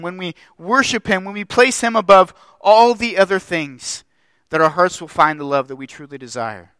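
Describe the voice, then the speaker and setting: A man's voice: high voice, pushed and bright, clear, resonant tone, dry recording. Young male pastor preaching with passion. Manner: impassioned, building through repeated phrases. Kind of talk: sermon.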